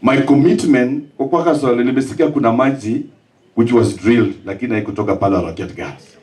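A man's voice: mid-range voice, fairly quick, darkish tone. A man with a Kenyan accent giving a rousing, impassioned speech at a funeral, often rising to emphatic cries. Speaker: speaker at a funeral, teacher and politician. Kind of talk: impassioned public address. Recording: voice picked up from a distance.

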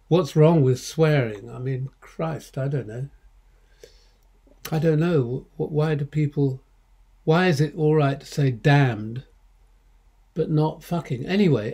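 Older male director, dark mellow tone, casual swearing raconteur who rambles and restarts. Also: on the high side, a little slow, slightly rough. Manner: rambling, profane, self-interrupting. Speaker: film director. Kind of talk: casual anecdotal commentary.

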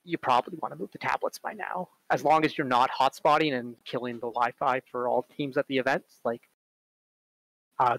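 A man's voice: medium pitch, creaky, no echo, rough recording. Chatty man with a dry close sound. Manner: chatty, lots of fillers, animated storytelling. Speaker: conference speaker on robotics strategy. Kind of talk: casual talk with stories.

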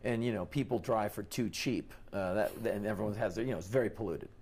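A middle-aged man from the United States telling stories in an interview in an animated way, quoting the people he met. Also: lowish voice, quick pace, slightly rough. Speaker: interview guest.

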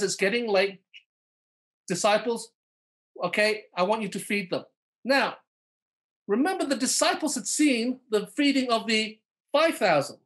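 A man with a high, fairly bright voice gives a sermon over a live online church broadcast. He dramatizes the lines he quotes, singles out listeners by name, and checks in with "okay?" and "all right?" after most points.

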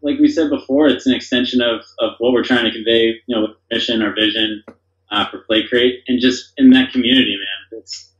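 A man's voice: medium pitch, steady tone, fairly quick. Enthusiastic man, roomy dull recording. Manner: enthusiastic, rambling with many fillers. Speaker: podcast guest, company founder. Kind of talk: casual conversation.

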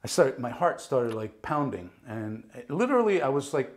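Man, from New Jersey, guest actor, casual storytelling, animated, mimics voices. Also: medium pitch, moderate pace. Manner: animated, acts out quoted voices, swears casually.

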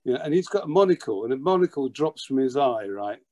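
An older man, telling a childhood story as an interview guest, lively and full of restarts and repeated words. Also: medium pitch, quick pace. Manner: animated, repeats words while acting out a story. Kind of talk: anecdotal storytelling.

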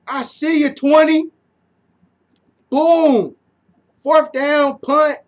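A man giving excited, slangy fan commentary on a football game, repeating lines and often shouting. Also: very high-pitched, extremely slow, long pauses.

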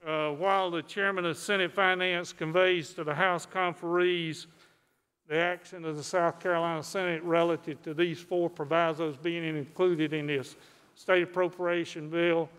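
An older man, a state senator, giving a folksy, unhurried formal speech on the floor of a legislative chamber. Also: fairly high pitch, little pitch movement, a bit bright, clear, resonant tone. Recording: echoey chamber, long reverb.

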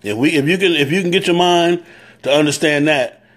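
A man with a Southern US accent speaks straight to his stream viewers, working his point over and over in a plain, earnest way. His voice sits a little higher than most men's. He keeps breaking off to greet people by name. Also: fairly quick, a bit bright. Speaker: motorcycle club leader. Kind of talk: live-stream talk to viewers.

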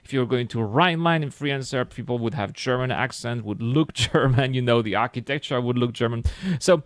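A man's voice: mid-range voice, fairly quick, dry recording. A young man with a French accent, a French native speaker, hosting a casual gaming video and musing enthusiastically with many fillers and restarts.

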